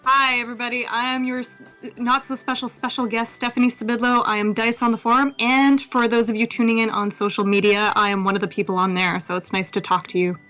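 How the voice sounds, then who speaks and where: Female podcast guest from Canada, high bright voice, teasing and laughing, faint music behind. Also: little pitch movement, fast talker, few pauses. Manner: giggly, teasing. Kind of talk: casual podcast chat.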